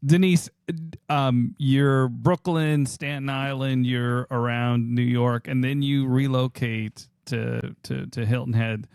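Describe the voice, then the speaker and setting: A man's voice: medium pitch, steady tone, takes it slowly, creaky, darkish tone, smooth, no room sound, studio quality. A man hosting a podcast, asking questions in a friendly, conversational way. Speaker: podcast host. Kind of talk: casual interview chat.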